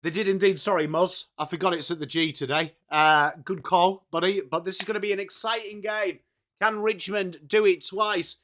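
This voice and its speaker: A young English man hosting a live football watchalong, chatting with viewers by name and reading team lists, his voice slightly hoarse. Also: high-pitched, fairly even intonation, moderate pace, a bit bright. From England. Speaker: watchalong host. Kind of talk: casual live stream chat.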